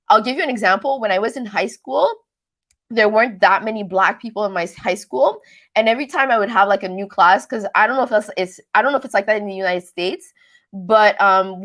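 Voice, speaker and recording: A young woman from Quebec with a mixed French-Canadian accent, hosting a casual livestream recap and reading out chat. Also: mid-range voice. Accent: Quebecois French-Canadian mix. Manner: chatty, animated, repeats herself often. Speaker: recap show host reading live chat.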